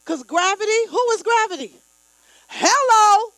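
A woman preaching a sermon, leading the congregation in call-and-response and rising to loud, emphatic declarations. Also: extremely high pitch, animated, a little slow, dry recording, poor audio.

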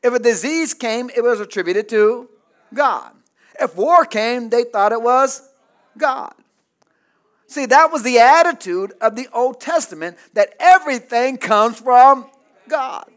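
A male pastor preaching a sermon, calling out to the congregation for responses and building up to shouted peaks. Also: very high-pitched.

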